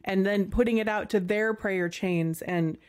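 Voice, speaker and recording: A woman hosting a faith show, speaking heartfelt and emotional, halting and near tears at times. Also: medium pitch, steady tone, a little mellow. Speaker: podcast host. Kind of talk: heartfelt faith talk to listeners.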